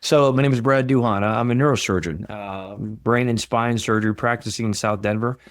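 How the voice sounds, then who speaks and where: A man's voice: on the low side, moderate pace, no room sound, clean studio sound. A middle-aged man from Southeast Texas with a Texan accent, a neurosurgeon guest telling his story in a friendly, self-deprecating way. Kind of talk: casual interview.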